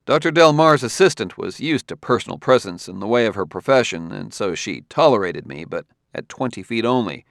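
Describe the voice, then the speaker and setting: A man narrating a story in a steady, even storytelling manner. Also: on the low side, brisk, vocal fry, hardly any pauses, no room sound, studio quality. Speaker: audiobook narrator. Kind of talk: scripted narration.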